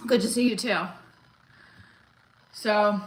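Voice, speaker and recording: A woman's voice: mid-range voice, steady tone, takes it slowly, echoey room, a little hiss or hum, low-quality recording. A woman comedian live-streaming while working out, out of breath and chatting casually with viewers as she reads their comments. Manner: chatty, answers viewers' comments, counts reps aloud.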